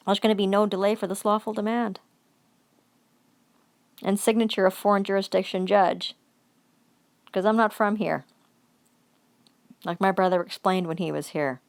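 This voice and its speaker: A woman's voice: medium pitch, moderate pace, pauses often. A woman ranting angrily to camera, swearing heavily and reading out formal-sounding demands between outbursts. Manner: heated, swearing, accusatory. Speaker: vlogger. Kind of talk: angry profane rant.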